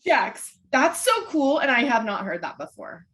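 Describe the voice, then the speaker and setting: Casting: woman podcast co-host, animated sing-song voice, chatty and enthusiastic. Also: high voice, moderate pace, slight background noise. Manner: chatty, enthusiastic, guessing along. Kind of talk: casual chat.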